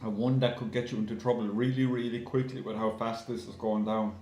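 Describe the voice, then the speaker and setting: A man chatting casually to his viewers in a video review, calling them guys and filling pauses with lots of ums. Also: fairly low pitch, little pitch movement, noisy background. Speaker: beer reviewer. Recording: roomy echo.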